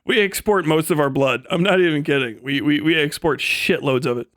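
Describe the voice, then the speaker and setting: A male live streamer talks casually, swearing freely and wandering from point to point. His voice sits high for a man, and the sound is dry and close with no room echo. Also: brisk, a bit bright. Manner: profane, rambling, laughs often.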